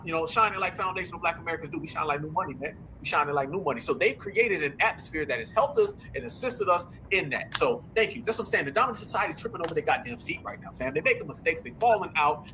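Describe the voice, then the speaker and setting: A man hosting a political commentary show, talking in an animated, sarcastic, slangy way. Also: high voice, slight background noise. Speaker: host.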